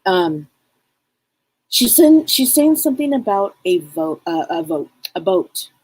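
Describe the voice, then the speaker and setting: A woman's voice: lowish voice, very animated, measured pace, darkish tone, slightly rough, poor audio. A woman hosting a live psychic stream, chatting casually and rambling, greeting viewers by name.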